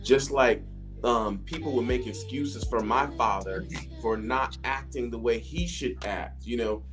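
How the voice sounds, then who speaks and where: A man's voice: mid-range voice, measured pace. A man in his forties chatting casually and earnestly, telling personal family stories with emotion. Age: 40s. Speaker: podcast co-host. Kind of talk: casual chat. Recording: music playing behind.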